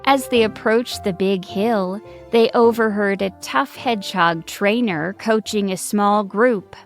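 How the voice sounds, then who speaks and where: A woman narrating a scripted children's story with a gentle, measured reading. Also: medium pitch. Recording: faint background music.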